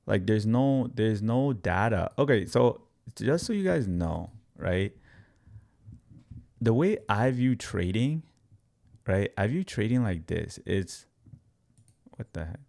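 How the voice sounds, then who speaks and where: Brief: young adult man, low gravelly voice, chatty live-stream trading host who keeps addressing viewers. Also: takes it slowly, long pauses. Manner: energetic, repeats himself, talks straight to viewers. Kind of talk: casual live-stream market commentary.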